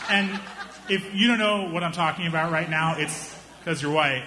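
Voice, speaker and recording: A young man doing stand-up, telling a story in an animated way and slipping into the voices of the people in it. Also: a little high, moderate pace, long pauses, background noise. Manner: animated, acts out voices of friends and strangers. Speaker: stand-up comedian.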